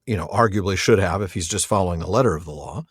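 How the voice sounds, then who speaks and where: Chatty low-voiced man, dry sound. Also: fast, husky, no room sound. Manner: chatty and enthusiastic, explains with asides. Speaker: podcast co-host. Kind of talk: casual chat.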